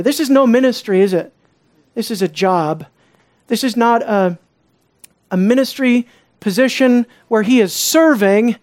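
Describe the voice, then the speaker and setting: A Bible teacher talks through a passage in a relaxed, conversational sermon. The delivery is full of asides and restarts. Rhetorical questions to the listeners come again and again. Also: mid-range voice, measured pace, pauses often. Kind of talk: expository sermon.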